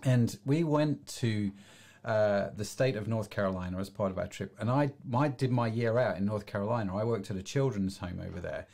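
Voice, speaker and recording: A man's voice: fairly low pitch, a little fast, vocal fry, a little mellow. Middle-aged man hosting a casual chat. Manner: encouraging, agreeable listener. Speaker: podcast host.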